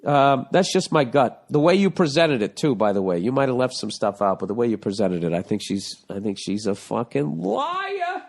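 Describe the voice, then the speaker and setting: A man's voice: medium pitch, sing-song, moderate pace, gravelly, hardly any pauses. A man in his forties from the United States, hosting a comedic podcast, ranting bluntly and profanely about a listener's letter. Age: 40s. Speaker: podcast host.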